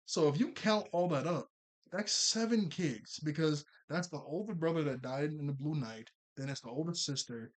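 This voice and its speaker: A man casually recapping an anime episode, rambling and chuckling as he paraphrases the characters' lines. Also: on the high side. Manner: rambling, laughs often, quick paraphrased quotes. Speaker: anime reviewer.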